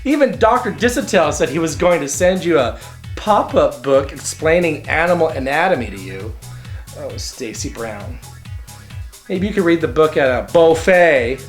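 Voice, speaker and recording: A man's voice: on the high side, lively intonation, moderate pace, faint music behind. A man hosting a comedic video commentary show, talking in a sassy, catty, campy way. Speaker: show host.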